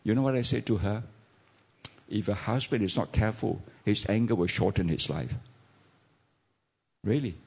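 A man's voice: lowish voice, normal speed, gravelly, pauses often, darkish tone, slightly rough. A man with a Malaysian English accent preaching a sermon as a pastor, talking to the congregation with many rhetorical questions.

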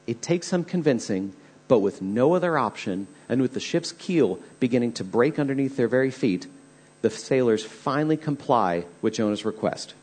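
Male pastor, husky, earnest storyteller preaching a sermon. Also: medium pitch, expressive, moderate pace, a little mellow.

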